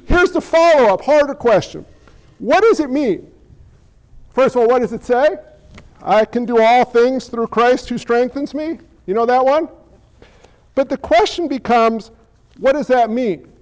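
A man's voice: very high voice, a little slow, a little mellow, highs cut off. A man preaching a sermon as pastor, talking conversationally and playfully while questioning his congregation.

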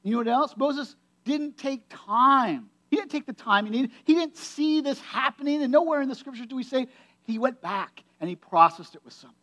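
A pastor with a notably high-pitched male voice delivers a sermon. He talks to the congregation in a casual, conversational way and drives his points home by repeating key phrases. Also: lively intonation, fast talker, a bit bright. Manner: conversational, emphatic preaching with repetition.

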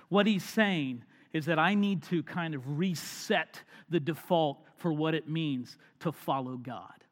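A man preaching a sermon, swinging from loud emphatic lines down to hushed near-whispers. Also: a little high. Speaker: pastor. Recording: long hall reverb.

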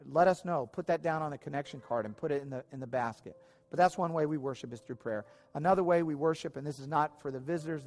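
A man's voice: on the high side, darkish tone, big-room sound. A man preaching as the pastor of his church, earnest and informal, stumbling over his words when he is moved. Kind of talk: sermon. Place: church sanctuary.

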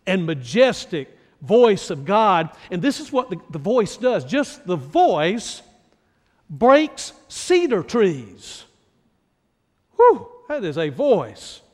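A male pastor from North Carolina delivers a sermon at an unhurried, measured pace. His voice sits high for a man, and he leans on rhetorical questions to draw the listener in. A long reverb trails each phrase, as in a large hall. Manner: slow, deliberate preaching with many rhetorical questions.

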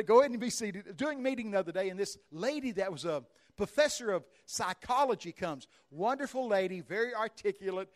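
With a high voice, a man preaches a charismatic healing sermon and prays, fervent and emphatic. He tells stories punctuated by loud exclamations.

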